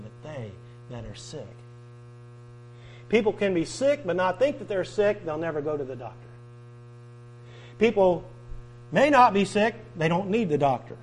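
Male preacher, high-pitched, insistent, repetitive sermon delivery; mains hum on the recording. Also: rough recording. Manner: emphatic, repeating and drawing out key words, swinging from loud to soft.

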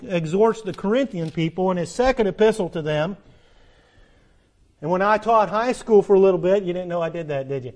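A middle-aged man preaching a sermon earnestly, dropping low at the ends of lines and rising for emphasis. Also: expressive, fairly quick, a little mellow. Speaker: pastor.

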